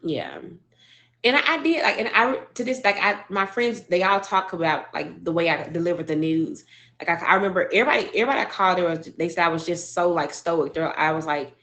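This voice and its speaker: Woman, lowish voice, personal grief story, halting delivery with restarts. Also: fairly bright tone. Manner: halting, emotional, many restarts and fillers. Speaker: widow telling her story.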